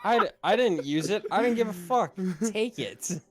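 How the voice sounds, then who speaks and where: A man's voice: high voice, expressive, normal speed, noisy background. Rowdy man laughing through game talk. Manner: loud, laughing, swearing. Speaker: player. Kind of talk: casual tabletop chat.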